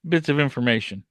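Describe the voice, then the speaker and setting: A man co-hosting a podcast, chatting in a laid-back way and dropping movie references, with a quiet chuckle now and then. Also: mid-range voice, no room sound. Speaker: podcast co-host. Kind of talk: casual comic-book chat.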